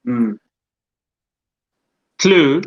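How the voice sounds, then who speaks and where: A man as guest co-host on a video call, bantering with lively laughter. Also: medium pitch, extremely slow, highs cut off. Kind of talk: casual banter.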